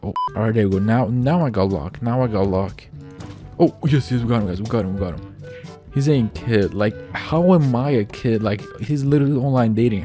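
A man giving excitable, stumbling gameplay commentary as a gaming video host, swearing often and repeating his words. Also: medium pitch. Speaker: gaming YouTuber.

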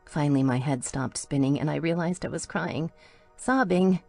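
A woman's voice: deep voice, moderate pace, creaky, a little mellow, faint music behind. A woman reading a first-person audiobook in an intimate storytelling manner. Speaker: audiobook narrator.

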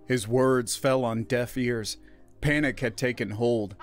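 A man narrating a scripted science fiction story in a steady, even reading voice. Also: mid-range voice, slow, faint music behind.

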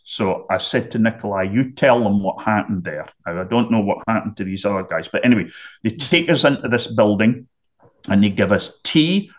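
Throat-clearing man telling a war story. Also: on the low side, highs cut off. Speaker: podcast guest. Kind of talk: storytelling anecdote.

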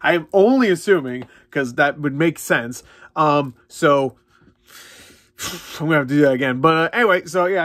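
A man's voice: a little high, a bit bright, no echo. A young man ranting in a casual, profane, exasperated way while unboxing a video game. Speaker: gaming vlogger.

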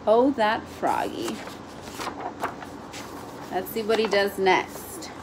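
A young woman teacher reading a story aloud to children, pausing gently to ask them questions. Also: mid-range voice, big pitch swings, noisy background.

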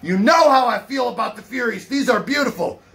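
Hype-man host, man, high bright voice, shouting through an unboxing with faint music behind. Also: animated, fairly quick. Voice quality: loud hype-man delivery with catchphrases. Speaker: collector hosting an unboxing. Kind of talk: hyped unboxing vlog. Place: home collection room.

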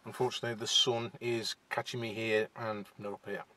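Young West Midlands man, shy first-time vlogger, bright-voiced, hesitant, chatting in his car. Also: on the low side, flat delivery, fairly quick. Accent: West Midlands (Wolverhampton). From England. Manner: shy, hesitant, many fillers and restarts. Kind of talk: casual to-camera chat. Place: inside a parked car.

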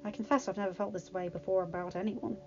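A woman's voice: medium pitch, steady tone, quick pace, darkish tone, natural voice. A woman voicing a young, earnest prince who is sheepish about being in love. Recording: dull lo-fi recording, faint music.

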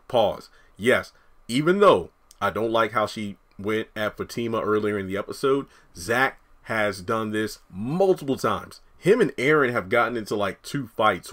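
Guy with a kinda sore throat chatting through a tv recap, lowish voice. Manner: chatty, animated commentary. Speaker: YouTube TV recap host. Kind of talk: casual commentary.

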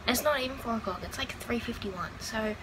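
A woman's voice: fairly high pitch, fast. A young woman from Australia chatting casually in a get-ready-with-me vlog, rambling with lots of fillers, recorded indoors on a phone camera. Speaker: vlogger. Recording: loud background noise.

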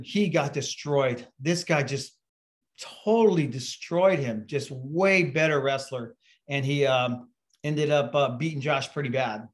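A middle-aged man preaching a casual, conversational sermon, telling stories with many fillers and restarts. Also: fairly high pitch. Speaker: pastor.

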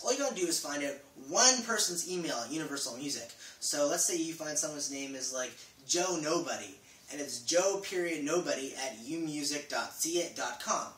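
A man's voice: on the high side, a bit bright, far from the mic. A man giving a casual how-to vlog, rambling with lots of fillers and small jokes. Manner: rambling, filler-heavy, jokey. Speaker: vlogger. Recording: echoey room, voice from off-mic, faint noise.

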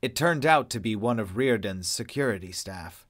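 A man narrating web fiction in a steady, measured reading style. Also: fairly low pitch.

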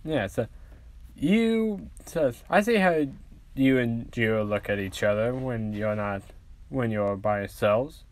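A man voicing a loving, fussing mother who speaks gently and reassuringly to her son in a fan-made story. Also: mid-range voice, expressive, slow pace. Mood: tender. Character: doting loving mother, adult woman.

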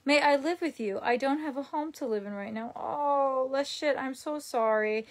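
A woman's voice: sits high, moderate pace. A young woman chatting casually at home, answering live comments in a rambling way with lots of ums. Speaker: vlogger reading live comments. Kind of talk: casual live-stream chat. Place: her home.

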